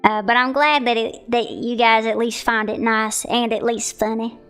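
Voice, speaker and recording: A woman's voice: a little high, steady tone, normal speed, a bit bright, clean tone, faint music behind. A young woman streamer chatting casually about viewer art, rambling with giggles and self-corrections. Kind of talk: casual chat.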